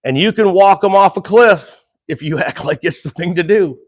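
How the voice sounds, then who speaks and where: In this relaxed horse-training demo, a middle-aged man talks through his work with animated earnestness. He chuckles between ideas, slows to steady breaths, and his pitch sits high.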